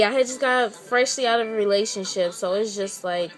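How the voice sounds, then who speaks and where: A young woman recounting a story to her camera in a chatty, exasperated way, leaning on "I'm just like" as she goes. Her voice sits a little on the high side, relaxed and conversational. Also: fairly quick, few pauses, faint music behind. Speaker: vlogger. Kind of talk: casual storytelling.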